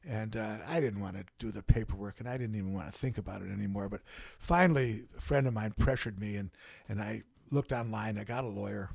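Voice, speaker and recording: An older man, a guest on a podcast, telling a long story in an unhurried way with many pauses and some dry humor. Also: on the low side, vocal fry, darkish tone, slightly rough, no echo. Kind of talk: casual storytelling in a podcast conversation.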